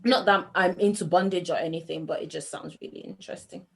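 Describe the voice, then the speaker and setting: A woman's voice: fairly low pitch, fairly even intonation, quick pace, gravelly. A woman co-hosting a podcast, blunt and giggly in casual group chat. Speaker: podcast co-host.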